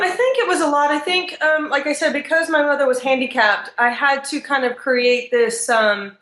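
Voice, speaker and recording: A woman from Texas, a podcast interview guest, talking in a chatty, animated way with frequent ums. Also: a little high, reverberant. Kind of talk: casual conversational interview.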